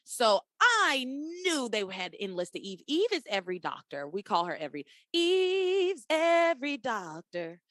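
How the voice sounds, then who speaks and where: A woman co-hosting a podcast, recapping a soap opera in casual, animated chat, laughing and swearing often. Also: medium pitch, moderate pace, hardly any pauses, dry recording. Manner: animated, profane, laughs often, acts out characters' lines. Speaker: podcast co-host.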